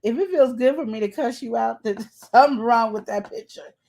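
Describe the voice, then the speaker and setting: High, animated middle-aged woman podcaster. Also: a little fast, gravelly. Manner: animated, storytelling, colloquial. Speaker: podcast co-host. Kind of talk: casual advice chat.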